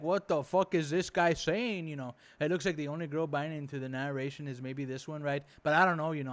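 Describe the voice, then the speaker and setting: A reaction video host gives rambling, profane commentary, indignant and exasperated, with lots of fillers and free swearing. His voice is a little high, fairly bright, and smooth.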